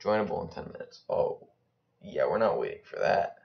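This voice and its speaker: A man's voice: sits low, animated, normal speed, gravelly. A young man chatting casually and joking in slang while he plays an online game, rambling between rounds. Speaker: gaming YouTuber. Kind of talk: casual gameplay commentary. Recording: slightly dull lo-fi mic.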